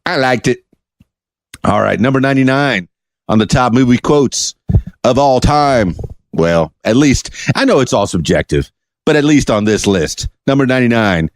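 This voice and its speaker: A male podcast host talking solo in a chatty, joking manner. His pitch swings up and down a lot as he talks. The sound is dry and close, with no room around it. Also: moderate pace, dry recording. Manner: animated, chatty, jokey.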